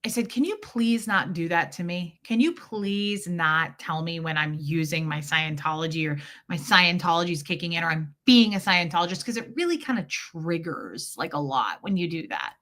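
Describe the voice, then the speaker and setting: A woman's voice: lowish voice, animated, moderate pace, few pauses, pushed and bright. A woman hosting a casual livestream chat, talking candidly and telling a personal story with quoted voices. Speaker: livestream host. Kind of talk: casual chat with live viewers.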